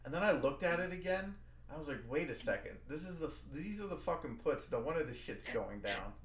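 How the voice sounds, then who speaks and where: A man co-hosting a trading stream, chatting casually about stock plays, with loud laughing bursts and swearing. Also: a little high, animated, brisk. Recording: echoey room with faint noise.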